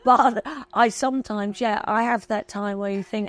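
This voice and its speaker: A woman's voice: medium pitch, fairly even intonation, normal speed. A woman in her fifties, a guest talking candidly and emotionally, chatty and self-mocking. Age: 50s. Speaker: interview guest. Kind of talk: candid chat.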